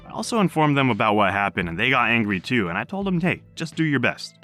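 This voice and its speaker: A man hosting a podcast, reading stories aloud in an animated storytelling manner. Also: lowish voice. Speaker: podcast host.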